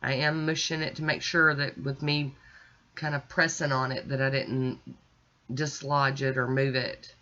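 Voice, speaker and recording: A woman's voice: a bass voice, little pitch movement, measured pace, sharp tone, highs cut off, a little hiss or hum. A woman chatting casually as she narrates each step of her nail art, self-deprecating and easygoing. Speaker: nail art video creator.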